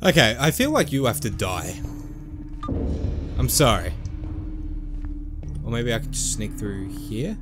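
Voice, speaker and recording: Let's-player, animated pitch, sweary jokes, faint game music under him. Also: male voice, unhurried, long pauses. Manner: joking, sweary, does silly voices. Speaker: gaming channel host. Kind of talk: let's play commentary.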